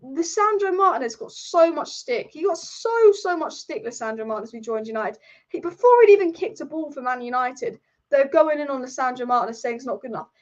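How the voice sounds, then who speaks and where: In a high, expressive voice and at a slightly fast pace, this football channel host chats casually on a livestream from her room. The recording has its highs cut off, and she speaks bluntly, cursing freely and going over the same points again.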